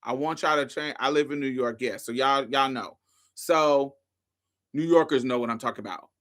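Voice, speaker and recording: A woman's voice: very deep voice, moderate pace. A woman hosting a show, casually telling a story to her listeners, swearing freely and calling them y'all, honey and baby. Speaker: host.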